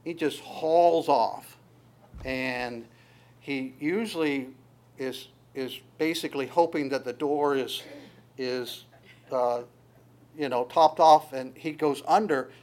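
A man's voice: medium pitch, darkish tone. A man teaching a sermon on a Bible passage in a conversational way, often stumbling and repeating words as he explains. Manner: halting, repeats words, frequent restarts; conversational, folksy storytelling. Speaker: pastor.

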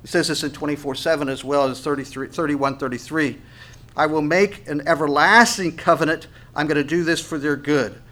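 A man preaching a sermon, reading scripture aloud with rising force and dropping low for asides to the congregation. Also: steady tone, a little fast, a bit bright. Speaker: pastor.

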